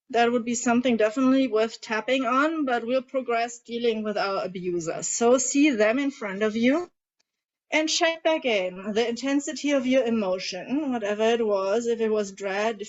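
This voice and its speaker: A woman coach leads a group tapping session with calm, guiding instructions and keeps asking the group questions. Her voice sits a little high. The audio is dull and lo-fi, as from an online session. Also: normal speed.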